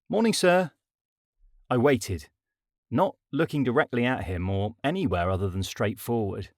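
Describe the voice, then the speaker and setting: A man narrating his own comic audiobook in a wry, deadpan style. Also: fairly low pitch, no room sound, clean studio sound. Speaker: author and narrator. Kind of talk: scripted comedic audiobook narration.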